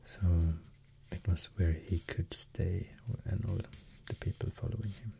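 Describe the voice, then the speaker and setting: Slow, low whispering Swedish-accented man. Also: fairly even intonation, creaky, slight background noise. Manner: soft, mostly whispered, hesitant with many fillers. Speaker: ASMR host. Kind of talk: soft-spoken ASMR, rambling explanation.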